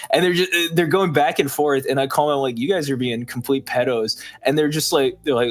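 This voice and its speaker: A man's voice: medium pitch, fairly quick, hardly any pauses. A young man co-hosting a podcast, an eager, chatty storyteller in casual chat. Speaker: podcast co-host.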